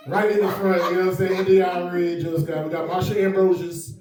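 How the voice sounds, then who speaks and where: A man's voice: sits high, fairly even intonation, moderate pace, a little mellow, distant mic. A man doing stand-up comedy at a private party, chatting and laughing with the crowd as he goes. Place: private mansion home. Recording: echoey room, mic from afar.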